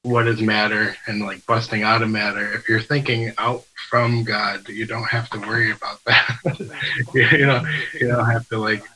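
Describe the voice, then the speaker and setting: A man's voice: lowish voice, level tone, normal speed, bright, forceful tone, a little hiss or hum, poor audio. A man at a church roundtable, offering a hesitant spoken comment with restarts.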